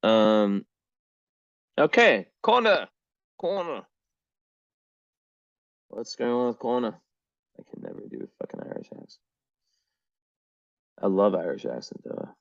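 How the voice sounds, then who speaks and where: A man's voice: lowish voice, very animated, moderate pace, creaky, pauses often, no echo, dull audio. A man reading astrology charts in a casual, rambling way, full of fillers and the odd swear word.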